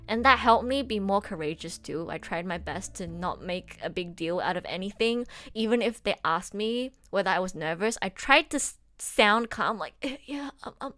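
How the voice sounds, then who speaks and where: A young woman streamer telling a personal story in a casual, chatty way, full of "like" and asides. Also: medium pitch. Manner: animated, chatty, many fillers like "like". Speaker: streamer and voice actor.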